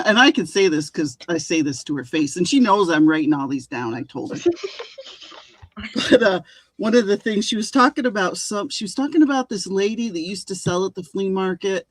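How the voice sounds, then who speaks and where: A woman's voice: lowish voice, no echo. A woman co-hosting a casual chat, telling amused stories about a friend. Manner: storytelling, amused. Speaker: co-host.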